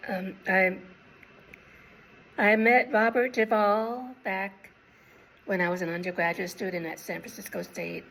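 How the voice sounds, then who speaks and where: Gravelly-voiced woman in her sixties telling a story. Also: mid-range voice, steady tone, a bit bright, slight background noise, low-quality recording. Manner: unhurried, reflective, pausing to recall details. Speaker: vlogger. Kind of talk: casual personal storytelling.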